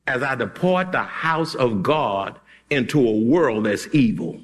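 A male pastor preaching a sermon emphatically, breaking into shouts and chuckles. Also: fairly high pitch, in a large hall. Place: church sanctuary.

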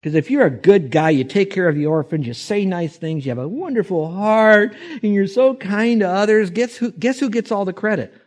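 A male pastor preaching a sermon in an emphatic, animated way, sometimes drifting off the mic. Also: normal speed, hardly any pauses. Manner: emphatic preaching, voices quoted figures with rising pitch.

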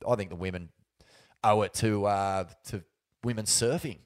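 A man's voice: fairly low pitch, normal speed, smooth. Laid-back Australian man chatting. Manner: laid-back, swears, many fillers and restarts. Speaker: podcast co-host. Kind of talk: casual chat.

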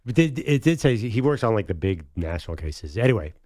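A man's voice: on the low side, big pitch swings, fairly quick, mellow, dry recording, studio quality. A young man co-hosting a sports radio show, bantering playfully and poking fun at himself. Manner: playful, self-mocking, jokey.

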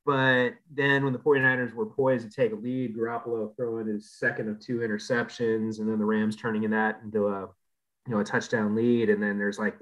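A man's voice: fairly low pitch, level tone, fairly quick, a bit bright. A man hosting a podcast, chatting casually about football and stammering over repeated words. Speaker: podcast host. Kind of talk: casual sports chat. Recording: slightly dull lo-fi.

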